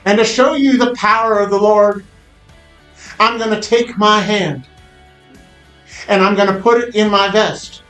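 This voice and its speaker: A man's voice: medium pitch, moderate pace, long pauses, close to an everyday voice. A man voicing Moses as a fervent, declaiming hill-country preacher, in a roomy echo over faint music.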